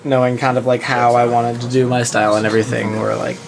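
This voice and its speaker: A man chatting on a podcast about growing up with music, halting and restarting often. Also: mid-range voice, little pitch movement, creaky, a crowd in the background. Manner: halting, self-interrupting. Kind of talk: casual chat.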